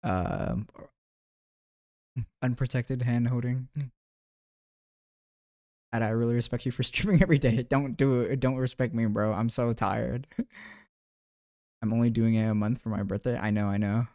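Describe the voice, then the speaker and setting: A man's voice: mid-range voice, steady tone, measured pace, pauses often, darkish tone, no echo. Chatty young man streaming, dry sound. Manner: loose and chatty, swears, laughs often. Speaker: live streamer. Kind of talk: casual live-stream chat with viewers while gaming.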